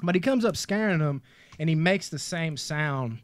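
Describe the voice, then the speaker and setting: Fast-cursing Kentucky podcast host, higher voice. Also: male voice, no echo. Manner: profane, excitable, calls listeners dude. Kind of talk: casual movie-review podcast chat.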